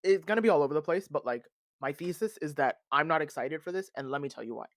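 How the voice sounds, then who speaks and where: A man hosting a podcast, talking in a casual, animated and dramatic rant full of fillers and recorded on a phone. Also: a little high, quick pace, no room sound. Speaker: podcast host. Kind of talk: casual ranting commentary.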